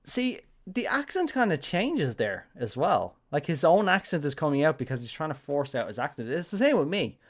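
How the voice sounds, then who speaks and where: A man's voice: fairly high pitch, very animated, moderate pace, few pauses. Rambling Irish man streaming a game. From Ireland. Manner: rambling, full of "like" and self-corrections. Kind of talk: casual live-stream commentary.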